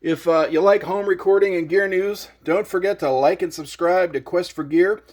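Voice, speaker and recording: A middle-aged man talks through his gear in a loose, rambling vlog. His voice sits a little high for a man. He keeps it chatty and pokes fun at himself as he goes. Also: fairly even intonation, moderate pace, darkish tone. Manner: rambling, chatty, self-deprecating. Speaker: YouTuber and pedal demo host.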